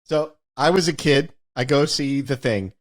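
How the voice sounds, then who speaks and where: A man's voice: mid-range voice, unhurried. A man hosting a podcast, telling a childhood anecdote in a wry, casual way with some swearing. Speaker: podcast host. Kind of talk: casual storytelling.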